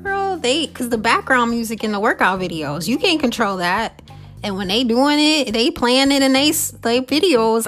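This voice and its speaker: A woman talks through a relaxed podcast monologue in a mid-range voice. She is chatty and easygoing, and she circles back to repeat phrases. Faint music plays underneath. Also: medium pitch. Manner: chatty, conversational, laughs often, repeats phrases. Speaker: podcast host. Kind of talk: casual reflective monologue.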